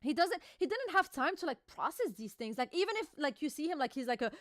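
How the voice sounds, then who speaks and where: Talking fast in a high, sing-song, somewhat bright voice, a woman gives casual live commentary on a manga chapter, swearing casually and using plenty of fillers. She reads out each panel's lines before explaining them, and the recording is dry.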